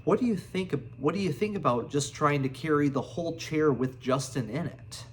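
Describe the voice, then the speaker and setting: A man's voice: fairly high pitch, moderate pace, a little hiss or hum, natural voice. A man voicing a hesitant woman friend. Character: helpful woman friend on a hiking trail.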